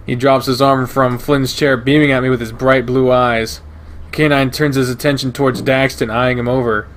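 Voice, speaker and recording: A man reading a visual novel aloud in first person, steady and measured. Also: medium pitch. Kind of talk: first-person narration of a game.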